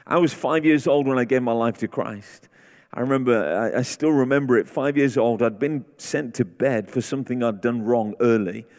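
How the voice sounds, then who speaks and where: In a large church sanctuary, a guest preacher builds intensity by repeating short declarations throughout his sermon. He speaks at medium pitch and a moderate pace with a darkish tone, and the hall's long reverb trails each line.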